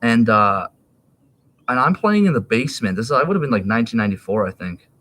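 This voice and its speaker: A man's voice: mid-range voice, sing-song, fairly quick, a bit bright, a little hiss or hum. A man in his thirties rambling in a casual, profane monologue, laughing and jumping between topics.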